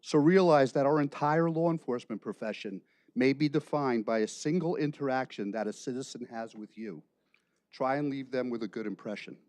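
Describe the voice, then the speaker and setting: Man in his 60s, police chief; formal, measured ceremonial speech; dry, close sound. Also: medium pitch, a little mellow, no echo. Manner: measured, ceremonial delivery with deliberate pauses. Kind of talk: formal prepared speech at a council meeting.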